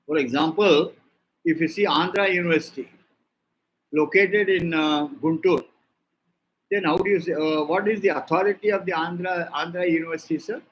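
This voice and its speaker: A man's voice: on the high side, a bit bright, a little hiss or hum, low-quality recording. A man with an Indian English accent giving a law lecture, explaining points step by step and repeating them for his listeners. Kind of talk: classroom lecture.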